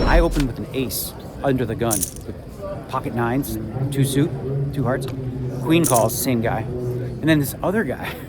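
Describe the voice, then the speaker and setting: A man's voice: medium pitch, noisy background. A man chatting casually to his viewers in an upbeat vlog while playing poker. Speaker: poker player and vlogger. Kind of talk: casual vlog chat to camera.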